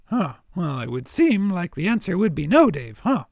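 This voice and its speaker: A friendly, curious male cow with a high, bouncy voice, a touch gravelly at the edges, as a man puts him on. He chirps eager questions at his friend. Dry, close sound. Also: very animated, normal speed, darkish tone, no room sound, heavily acted. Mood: chirpy.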